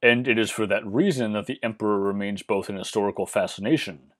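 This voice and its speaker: A man's voice: on the low side, fairly bright tone. Man narrating history with wry asides. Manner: dry, wry asides in measured explanation. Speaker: history channel host.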